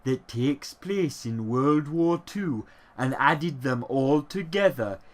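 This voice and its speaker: A man's voice: medium pitch, fairly bright tone. A man reviewing a video game in a sarcastic, exasperated way, with plenty of swearing.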